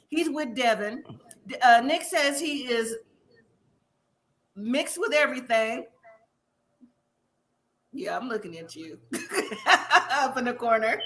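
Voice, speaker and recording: A woman co-hosting a live review show, chatting casually, animated and laughing often with rhetorical questions. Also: high-pitched. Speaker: podcast co-host.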